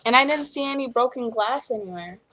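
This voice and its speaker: A woman's voice: a little high, animated, a little fast, a bit bright. A woman in her twenties telling a rambling story to camera in a vlog, with many restarts. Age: 20s. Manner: chatty, acts out what others said. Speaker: vlogger.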